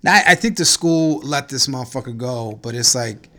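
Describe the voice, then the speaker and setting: Male podcast host, casual chat, profane, incredulous, mid-pitched voice. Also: normal speed, bright, forceful tone.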